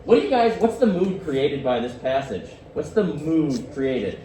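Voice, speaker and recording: A male teacher leading a classroom lesson, animated and questioning his students. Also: fairly high pitch, unhurried, reverberant, distant mic, a little hiss or hum, low-quality recording.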